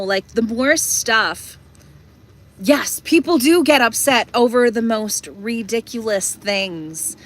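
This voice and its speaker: Young woman vlogger, slow and bright, chatty and meandering, speaking from inside a van. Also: a little high. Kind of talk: casual rambling storytelling.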